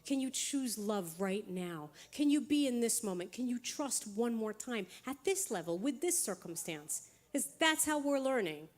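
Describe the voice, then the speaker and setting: A woman with a slightly raised pitch speaks to a live audience at a spiritual center. She tells stories with lots of animation and frequent laughter, poking fun at herself. She keeps checking in with the crowd between rapid bursts of words. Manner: animated storytelling, laughs often, self-mocking. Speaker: motivational speaker. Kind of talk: inspirational talk to a live audience.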